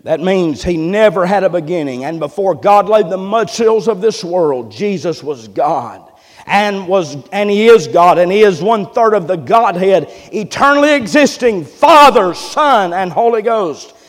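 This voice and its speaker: A man's voice: high voice, expressive, unhurried, in a large hall. A man preaching a sermon, emphatic and repetitive, calling for amens from the congregation. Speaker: pastor.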